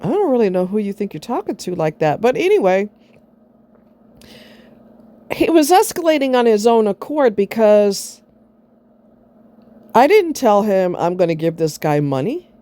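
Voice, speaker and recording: A woman's voice: medium pitch, sing-song, normal speed, long pauses, warm tone. A middle-aged woman vlogging, telling a personal story in a blunt, sarcastic way and swearing freely.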